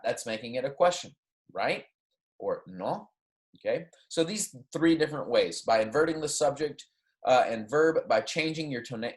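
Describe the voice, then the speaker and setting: A man teaching a Spanish lesson as a recorded lecture, explaining with frequent fillers and checks like "right?", and modeling phrases with a strongly rising question tone. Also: medium pitch.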